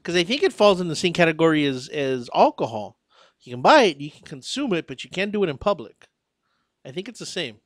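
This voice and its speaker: A man's voice: a little high, big pitch swings, fairly quick, fairly bright tone, dry recording, clean studio sound. A man co-hosting a talk radio show, joking and rambling, laughing often. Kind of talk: casual radio banter.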